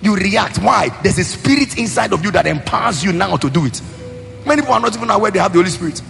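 A Nigerian pastor with a high, gravelly voice, preaching in a chanting sing-song that breaks into shouts. His sermon rings through a big hall with long reverb, with soft music underneath. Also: lively intonation, quick pace.

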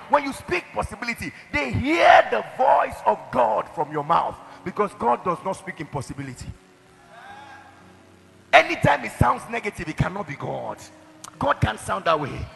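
A man delivers a sermon with forceful emphasis, his high voice gravelly and rough. His speech has a bright, cutting edge. The sound carries a long hall reverb. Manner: emphatic preaching, shouted declarations and acted-out quotes. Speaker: pastor.

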